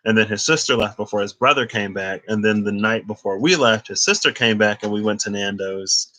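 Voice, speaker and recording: Guy rambling on about his life, tarot reader, lowish voice but real bright, keeps saying like, acts out who said what. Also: brisk. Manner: chatty storyteller who acts out quoted dialogue; heavy use of filler "like". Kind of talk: casual rambling monologue.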